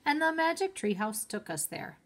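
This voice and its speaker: A woman voicing an eager, cheerful young girl with a bright, matter-of-fact way of talking. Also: high voice, big pitch swings, normal speed, voice pushed up.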